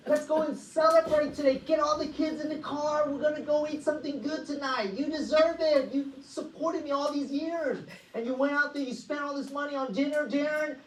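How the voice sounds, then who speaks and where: A woman voicing an excited husband who brags about a small pay raise. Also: high voice, slight background noise, voice pushed up, close to an everyday voice. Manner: giddy, boastful. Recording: echoey room, voice far from mic.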